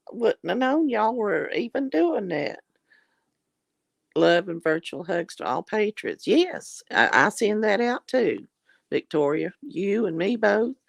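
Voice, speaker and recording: Affectionate woman, gravelly voice. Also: lowish voice, no room sound. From Southern US. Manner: warm, affectionate, calls viewers honey and darling. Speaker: livestream host. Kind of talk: casual chat reading viewer comments.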